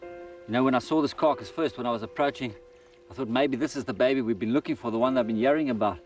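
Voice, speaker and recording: A man presenting a wildlife documentary on location outdoors in a desert, chatting lively and coaxing an animal he photographs. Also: medium pitch, quick pace, faint music behind.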